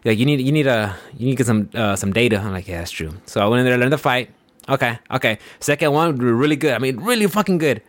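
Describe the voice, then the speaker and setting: A man's voice: medium pitch, quick pace, no room sound. A man co-hosting a podcast, chatting casually in rambling, slangy, profane stories. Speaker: podcast co-host. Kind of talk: casual chat.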